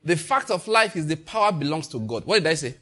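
A man's voice: a little high, big pitch swings, fast talker, sharp tone. A man preaching a sermon to his congregation, acting out little dialogues and laughing along the way. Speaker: pastor.

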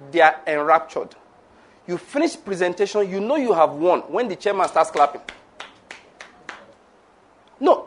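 A middle-aged pastor delivers an emphatic sermon in a church, pressing his listeners with repeated questions. His voice sits high for a man and has a husky, breathy edge. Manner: emphatic preaching with rhetorical questions.

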